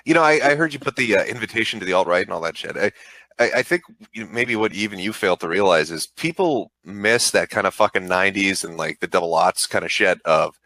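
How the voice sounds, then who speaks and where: Host-type guy, crisp-bright and fairly low, dry close sound, swears constantly while rambling through advice. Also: expressive, brisk, dry recording. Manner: profane, rambling, frank advice. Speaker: online show host. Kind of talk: casual call-in chat.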